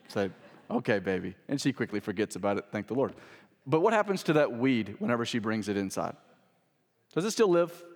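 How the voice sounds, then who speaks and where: A man's voice: mid-range voice, very animated, a little fast, a little mellow, big-room sound. A young adult man, a pastor, preaching a sermon in a conversational, emphatic way, full of rhetorical questions.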